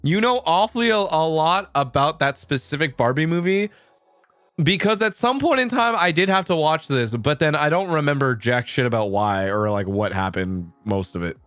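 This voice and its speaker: Young man, casual stream chat, bright tense voice, dry close sound, profane rambling. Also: fairly high pitch, animated, normal speed, dry recording, soft background music. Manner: rambling, profane, laughs often.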